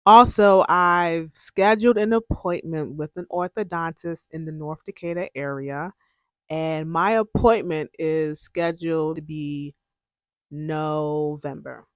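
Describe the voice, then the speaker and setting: Give me a young adult host telling their own story in a candid, emotional way, with a voice of ordinary middle pitch. They often act out what they said back then. The sound is dry and close, with no room echo. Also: takes it slowly, fairly bright tone. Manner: candid and emotional, breaks into laughs and tears; relives moments by quoting their own past words. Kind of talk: casual personal storytelling.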